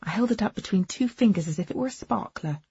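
A woman's voice: medium pitch, expressive, fast talker, mellow, slightly rough. A woman reading a first-person novel aloud with wry, understated delivery, on a dull, muffled recording. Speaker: audiobook narrator.

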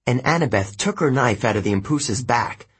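A man narrating an audiobook in the first person, telling the story in a steady, even way. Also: medium pitch, a little fast, husky.

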